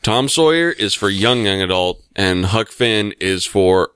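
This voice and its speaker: A man from the United States talks in a loose, rambling way, swearing freely and circling back on himself. His voice sits a little low and comes across smooth and clear, recorded close and dry with no room sound. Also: expressive, measured pace, fairly bright tone, dry recording. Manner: rambling, profane, lots of fillers. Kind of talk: casual chat.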